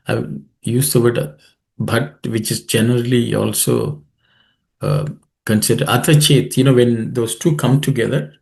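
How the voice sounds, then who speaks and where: Gravelly guy teaching a scripture class, slow and explaining, lots of uh and um, rattles off verses fast. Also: mid-range voice, a little mellow. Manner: measured, explanatory, with frequent fillers and restarts; chants Sanskrit verses quickly. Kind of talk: online study class, explaining verse pronunciation.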